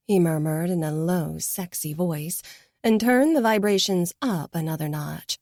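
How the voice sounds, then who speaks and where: Soft-voiced woman narrating a romance audiobook. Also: lowish voice, measured pace, no room sound, studio quality. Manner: soft, intimate, hushed at times.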